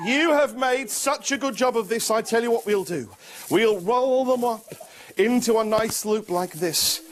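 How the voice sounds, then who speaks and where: A man's voice: sits high, animated, unhurried, background noise. A man performing a children's magic show, coaxing a young volunteer with playful, mock-confused patter.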